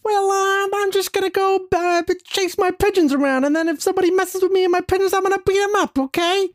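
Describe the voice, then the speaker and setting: A man voicing a boastful former boxer in a high, soft voice. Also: brisk.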